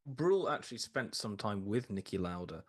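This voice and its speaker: A man's voice: on the low side, very animated, moderate pace, a little hiss or hum. A man chatting casually on a podcast, telling anecdotes and acting out quotes. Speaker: podcast co-host. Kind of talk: casual storytelling chat.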